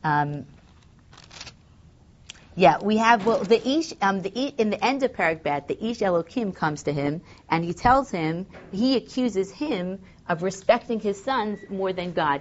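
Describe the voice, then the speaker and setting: A woman's voice: medium pitch, expressive, a little slow, lo-fi sound. A woman teaching a text study class, thinking aloud with fillers and reading Hebrew verses. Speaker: Torah teacher.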